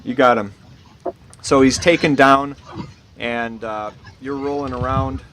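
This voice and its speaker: A man narrating as dungeon master, explaining rules in a relaxed, rambling way with many fillers. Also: medium pitch, unhurried, poor audio. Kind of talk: narrating a tabletop game. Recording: loud background noise.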